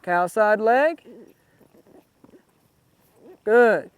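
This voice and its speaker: A man's voice: high-pitched, animated, drawn-out words, clean tone. A man coaching a rider through cutting-horse runs in an outdoor arena, calling out short, repeated commands.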